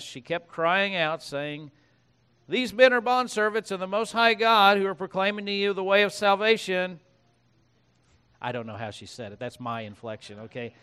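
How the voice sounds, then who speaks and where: Smooth-voiced male pastor preaching. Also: fairly high pitch, a bit bright. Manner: conversational preaching with asides and restarts; reads scripture aloud. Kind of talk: sermon.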